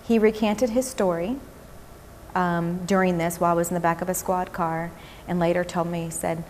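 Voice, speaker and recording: Low-voiced woman giving halting testimony. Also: fairly even intonation, slight background noise. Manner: halting, with fillers and restarts. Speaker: interviewee. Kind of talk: documentary interview testimony.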